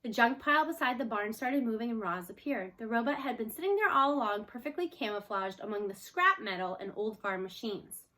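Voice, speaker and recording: A woman reading a children's novel aloud expressively, slowing for chapter titles. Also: fairly high pitch, expressive, pushed and bright. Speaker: storyteller.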